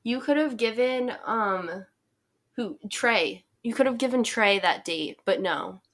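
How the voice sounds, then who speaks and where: Slow-talking wry young woman co-host. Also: a little high, expressive, a bit bright. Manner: unhurried, wry, laughs at her own jokes. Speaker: podcast co-host. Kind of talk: casual chat recapping a reality show.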